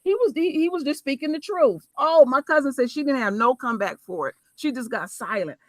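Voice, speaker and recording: Middle-aged woman, high-pitched, talkative, quick reactions. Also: animated, no room sound, studio quality. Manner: exclaiming, chatty, quick asides. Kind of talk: casual chat.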